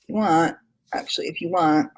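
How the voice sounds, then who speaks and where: A woman's voice: low voice, fairly even intonation, fairly quick. A woman hosting a casual live stream, chatty and giggly, talking as she works on screen. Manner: chatty, giggly, self-deprecating. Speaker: host. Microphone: computer mic, screen sharing.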